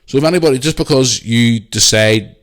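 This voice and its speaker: A man's voice: mid-range voice, fairly quick. A Northern Irish man hosting a casual solo podcast, talking animatedly and swearing freely as he retells his week. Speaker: podcast host.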